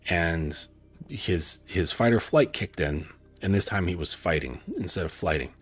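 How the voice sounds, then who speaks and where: Low, husky-voiced man telling a story. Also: lively intonation, measured pace. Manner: rambling, with frequent fillers and profanity. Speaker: dating coach. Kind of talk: casual storytelling talk.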